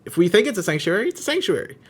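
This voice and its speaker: A young adult man co-hosting a church podcast, chatting casually, candid and joking with animated asides. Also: high-pitched, very fast, slightly rough. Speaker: podcast co-host and worship leader.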